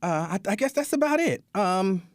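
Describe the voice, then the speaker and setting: A man hosting a casual livestream show, telling a story in an animated way, laughing often and acting out scenes. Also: sits high, normal speed, no room sound. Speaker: show host.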